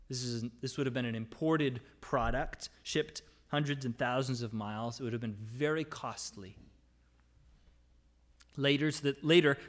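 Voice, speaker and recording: Man preaching with rising emphasis. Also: medium pitch. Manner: expository preaching, reading scripture aloud and explaining it; dynamic delivery, rising for emphasis and dropping to soft, quiet phrases. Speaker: pastor. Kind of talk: sermon. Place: church.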